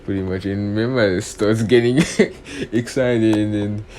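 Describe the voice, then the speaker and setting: A man's voice: lowish voice, fairly even intonation, slow pace, darkish tone. A young man casually retelling a fan story off the cuff, rambling, with many restarts and filler phrases. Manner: rambling, repeats "pretty much" and "and stuff", many restarts. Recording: faint background noise.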